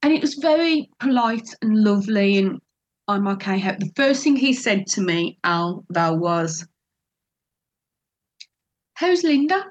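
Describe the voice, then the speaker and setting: A woman's voice: medium pitch, normal speed, dull audio. A middle-aged woman telling an emotional personal story in an interview, acting out what others said and laughing often. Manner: animated, acts out quoted voices, laughs often. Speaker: interview guest telling her adoption story.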